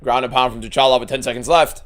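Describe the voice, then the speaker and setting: A man streaming a fight watchalong, giving casual, profane live commentary that swings from shouting to muttering. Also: mid-range voice, steady tone, fast talker.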